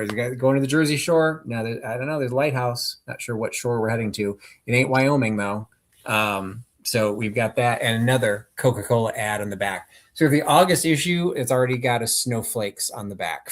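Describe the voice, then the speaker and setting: A man's voice: mid-range voice, slight background noise. A man co-hosting a live-streamed sale, presenting his items in a casual, wry, self-deprecating way. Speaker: live sale co-host seller. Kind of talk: live-stream auction patter.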